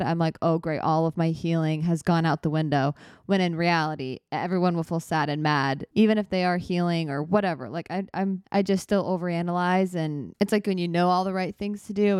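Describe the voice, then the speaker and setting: A woman's voice: fairly low pitch, a little mellow, clean tone, no echo, studio quality. Candid rambling young woman podcaster. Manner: rambling, candid, self-reflective. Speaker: podcast host. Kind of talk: casual solo podcast talk.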